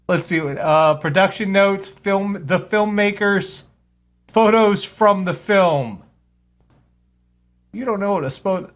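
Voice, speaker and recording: A man's voice: sits high, animated, slow pace. A man hosting a casual live radio show, rambling and sarcastic, swearing freely as he talks.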